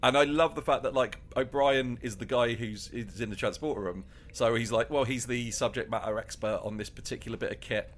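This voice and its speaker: A man's voice: mid-range voice, brisk, few pauses. A man co-hosting a podcast in loose, rambling casual chat, laughing often. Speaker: podcast co-host.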